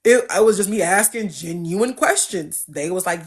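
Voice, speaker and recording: A woman's voice: fairly low pitch, normal speed. A woman hosting a casual chat, telling a story with mocking quoted voices. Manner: animated storytelling, mocking quotes, frequent laughter. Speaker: podcast host.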